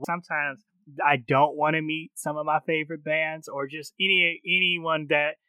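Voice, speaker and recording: A man hosting a casual conversation, making jokes and quick asides. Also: fairly high pitch, level tone, pushed and bright, clear, resonant tone, no echo. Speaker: podcast host. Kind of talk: casual chat.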